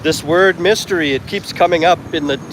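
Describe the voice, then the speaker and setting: Strolling through an outdoor street market, a man chats to his phone camera in a rambling, casual vlog, his voice a little high and fairly quick. He's a travel vlogger whose talk is chatty and sprinkled with self-correcting asides. The handheld phone picks up traffic and street noise behind him.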